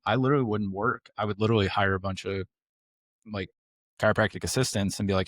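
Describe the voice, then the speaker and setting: A man's voice: fairly low pitch, quick pace, dry recording. A man talks bluntly through a casual clinical discussion on a podcast. He keeps asking rhetorical questions and answering them himself. The sound is dry and close to the mic. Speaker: podcast host, clinic owner.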